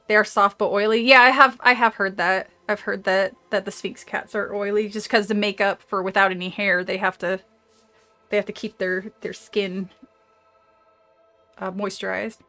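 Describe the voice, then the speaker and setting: A woman's voice: mid-range voice, little pitch movement, moderate pace, pushed and bright. Rambling woman chatting on a stream. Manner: rambling, laughs often, trails off into asides. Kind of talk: casual livestream chat with audience.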